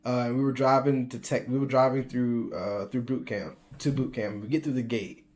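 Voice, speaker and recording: Young American vlogger, mid-pitched voice, laughs a lot, stumbles through quick restarts. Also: male voice, steady tone, darkish tone. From United States. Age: 20s. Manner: chatty, laughing often, frequent restarts. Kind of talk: casual personal storytelling.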